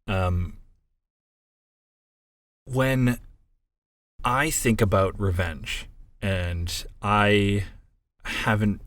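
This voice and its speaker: Man, podcast co-host, low voice, animated storyteller who swears and acts out scenes. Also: drawn-out words, long pauses. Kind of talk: casual chat.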